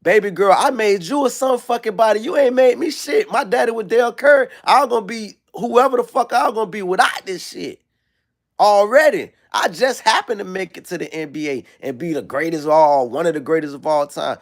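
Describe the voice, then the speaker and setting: A man putting on the voice of a famous athlete, an indignant husband pleading with his wife in a high, shouting voice. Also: a little fast.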